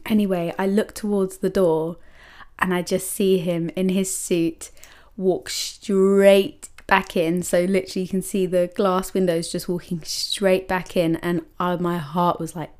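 A woman's voice: fairly low pitch, unhurried, clear, resonant tone. Chatty woman telling a story. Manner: animated, many likes and quoted self-talk. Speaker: podcast host. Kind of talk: personal storytelling.

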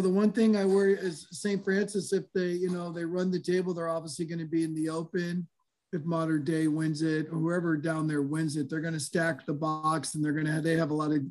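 A man chatting about high school football and horse racing, rambling with lots of fillers and restarts. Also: a little mellow. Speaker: sports analyst guest. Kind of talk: casual sports talk.

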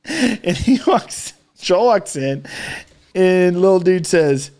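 A man's voice: high voice, animated, takes it slowly, darkish tone. A man casually telling a funny story over a call, laughing often and swearing. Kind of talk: casual chat. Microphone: remote call.

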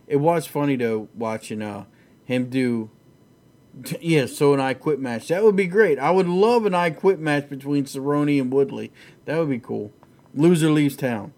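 A man's voice: medium pitch, moderate pace, a little mellow. A man hosting a casual, profane chat about fights, rambling and laughing easily. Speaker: podcast host.

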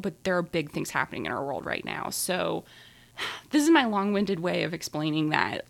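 Gravelly-voiced young woman, rambling. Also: deep voice. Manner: rambling, animated storytelling with many fillers. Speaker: podcast co-host. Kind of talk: casual podcast chat.

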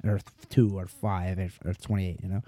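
Low, mellow man in relaxed chat. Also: normal speed. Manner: relaxed, agreeable, short replies. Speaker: podcast co-host. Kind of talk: casual chat.

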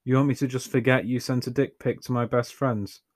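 A man voicing a sharp-tongued, sarcastic young woman who snaps back loudly. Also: medium pitch, steady tone, brisk, pitched above the performer's own voice, lightly acted. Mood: scornful. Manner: indignant, sarcastic, loud outbursts.

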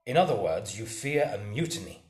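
A man voicing a calm, reasonable gentleman doctor who speaks in a measured, soothing way. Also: on the low side. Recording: roomy echo.

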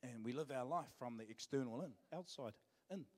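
A man's voice: medium pitch, a little fast, in a large hall. A man with a New Zealand accent, preaching a sermon as pastor in a joking, conversational way. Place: church.

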